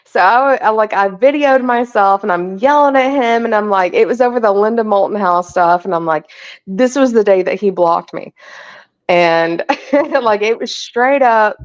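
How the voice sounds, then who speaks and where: A woman in her forties, a guest in casual chat, blunt and quick to laugh and swear. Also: medium pitch, smooth, lo-fi sound.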